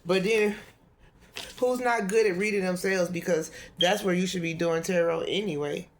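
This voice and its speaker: A woman's voice: lowish voice, normal speed. Lady tarot reader just rambling to the camera, cussing a lot, laughing along. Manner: profane, loose, laughs often. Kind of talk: casual rambling monologue.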